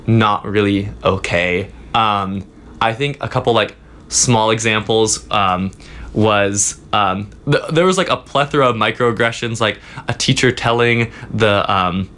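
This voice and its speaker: A young man, a student guest in a casual interview, telling a story in a halting way with many fillers. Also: on the low side, pushed and bright. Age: young adult. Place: office.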